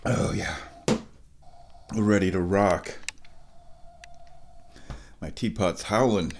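A man hosting a casual vlog, talking slowly and playfully, now and then slipping into high baby talk, a bit stuffy from sinus trouble. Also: slight background noise. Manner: slow, drawling and playful, with high baby talk to his cat. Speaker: vlog host.

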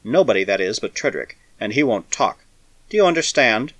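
A man's voice: mid-range voice, big pitch swings, brisk, fairly bright tone, dry recording. A man reading aloud and voicing a weary, battered male spacer who talks harshly and urgently.

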